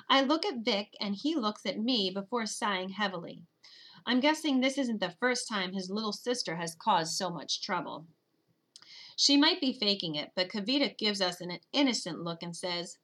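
Bright-voiced woman narrating a storybook. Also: medium pitch, animated, moderate pace. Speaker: audiobook narrator. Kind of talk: first-person storybook narration.

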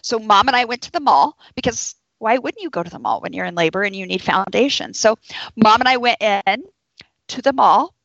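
Animated woman telling a story. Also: fairly high pitch, a little fast, vocal fry, no echo, dull audio. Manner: animated, acts out quoted voices. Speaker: labor and delivery nurse. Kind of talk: storytelling to an audience.

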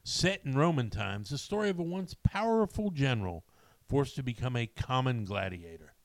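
Middle-aged guy hosting a movie podcast, lots of ums, plain even voice, dry mic. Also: medium pitch, moderate pace, no room sound. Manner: rambling, with many ums and restarts. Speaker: podcast host. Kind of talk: casual movie chat.

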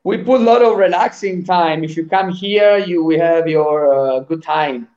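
Italian man, non-native English, high-pitched, hesitant phrasing, muffled roomy call audio. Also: a little mellow. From Italy. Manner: halting English with frequent pauses and searching for words. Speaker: guest, sambo athlete. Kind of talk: casual interview chat.

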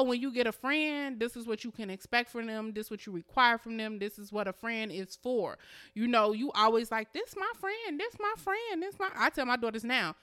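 A woman's voice: fairly high pitch, bright, forceful tone, smooth. A woman in her thirties co-hosting a podcast, chatting candidly and swearing freely, often mocking herself. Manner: candid, profane, self-mocking. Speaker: podcast co-host. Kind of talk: casual chat.

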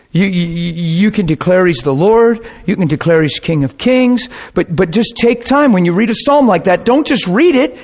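A man preaching a sermon, telling a story with sound effects and asking his listeners questions. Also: high voice. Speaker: pastor.

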